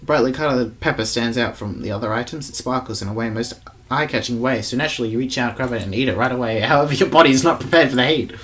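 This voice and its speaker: A man's voice: medium pitch, fast talker, a bit bright, soft background music. A man playfully reading a game's story aloud and joking about it. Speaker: let's player. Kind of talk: playful game narration.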